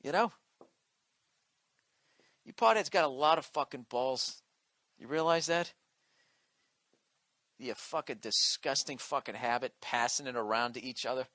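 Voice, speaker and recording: A man's voice: mid-range voice, unhurried, long pauses, bright, forceful tone, no room sound. A male comedian delivering a profane, combative comedic rant on his podcast.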